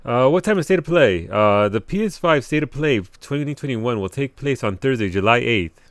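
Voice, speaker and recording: A man's voice: medium pitch, lively intonation, moderate pace, no room sound. A man chatting casually on a live game stream at home, rambling, swearing freely and laughing often.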